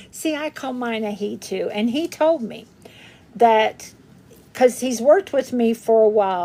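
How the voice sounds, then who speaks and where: A woman's voice: on the high side, dark tone. A woman hosting a craft livestream in casual, rambling chat, greeting viewers by name and laughing often.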